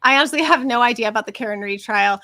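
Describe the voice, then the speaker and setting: A woman's voice: on the high side, racing, sharp tone. A woman co-hosting a casual livestream chat, talking in long, rambling tangents. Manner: chatty, wanders into tangents. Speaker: co-host.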